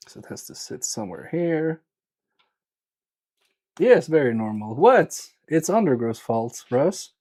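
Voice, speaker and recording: This electronics repair streamer has a dark, fairly high voice that is very animated yet unhurried, with long pauses. He keeps up casual live chat, joking, mocking himself, and muttering as he works.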